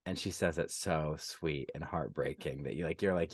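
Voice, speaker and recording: A man's voice: sits low, fairly quick, few pauses, no echo, studio quality. A man co-hosting a podcast, retelling movie scenes in casual chat and quoting the characters' lines. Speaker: podcast co-host. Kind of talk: casual chat recapping a film.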